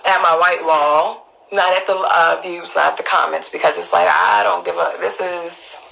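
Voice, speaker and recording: Gravelly, bright-voiced woman venting emphatically. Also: fairly low pitch, normal speed, a little hiss or hum, poor audio. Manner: emphatic, profane, repeats herself for stress; keeps asking the audience if they understand. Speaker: livestreamer speaking up for her mother. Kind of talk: emotional unscripted live stream monologue.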